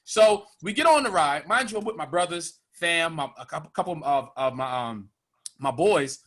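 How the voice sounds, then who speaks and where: A man's voice: a little high, animated, moderate pace, fairly bright tone. A man in his thirties hosting a podcast, telling a rowdy story in casual chat and addressing the audience directly. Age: 30s. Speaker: podcast host.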